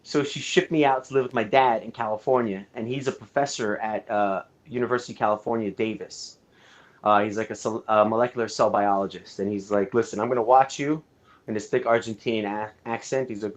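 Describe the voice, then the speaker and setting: A man's voice: on the low side, steady tone, fairly quick. A man from Canada, a guest film director, chatting casually in an interview and telling his story candidly, with plenty of swearing and fillers.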